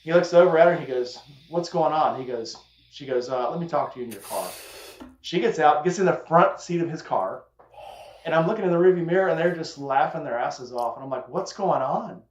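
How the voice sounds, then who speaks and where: Man host, storyteller type, slightly raised pitch, echoey room with muffled audio. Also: animated, fairly quick, slight background noise. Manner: drawling storyteller acting out quotes. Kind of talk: casual storytelling chat. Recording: echoey room, dull lo-fi sound.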